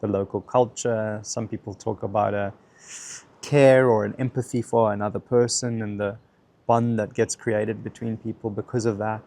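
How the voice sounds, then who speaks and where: A man interviewing a guest in a relaxed, reflective and encouraging way. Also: fairly low pitch, moderate pace. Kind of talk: casual interview.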